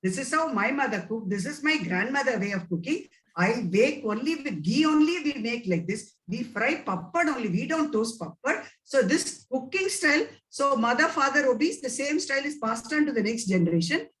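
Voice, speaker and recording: A woman's voice: sits high, animated, normal speed, few pauses, fairly bright tone, recorded from a distance, poor audio. Emphatic Indian woman nutrition expert. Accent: Indian English. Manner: emphatic, advising, repeats for stress. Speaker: nutrition scientist giving a webinar talk. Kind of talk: webinar Q&A answers.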